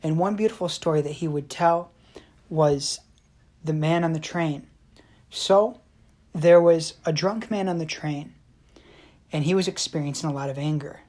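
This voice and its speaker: A woman co-hosting a podcast tells teaching stories in an earnest, measured way. Her voice is low for a woman. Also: mellow. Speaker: podcast co-host. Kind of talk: storytelling in a casual chat.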